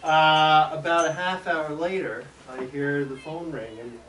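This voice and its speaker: A middle-aged school superintendent telling a story to children in a classroom, lively and acting out sounds as he goes. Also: fairly high pitch, a little slow. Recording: echoey room from far off, background noise.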